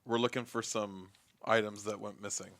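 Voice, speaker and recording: A man's voice: fairly low pitch, moderate pace. A man playing a cagey French agent. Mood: evasive. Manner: calm, evasive, matter-of-fact. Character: smooth French intelligence officer, adult man. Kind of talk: tabletop role-play voicing.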